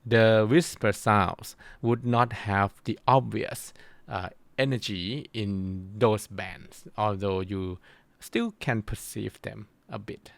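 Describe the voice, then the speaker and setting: A man lectures in a low, gravelly voice, taking his time and stopping often to find the next word. The sound is close and dry, with no room around it. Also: no echo. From Thailand. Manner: slow, halting explanation with frequent pauses to search for words. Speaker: university lecturer. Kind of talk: recorded course lecture.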